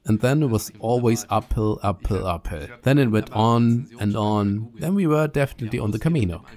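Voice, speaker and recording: A man's voice: lowish voice, moderate pace, a little mellow. Man, German accent, casual travel diary, handheld camera, laughs a lot. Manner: chatty, laughs often, blunt asides. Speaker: vlogger walking a pilgrimage trail.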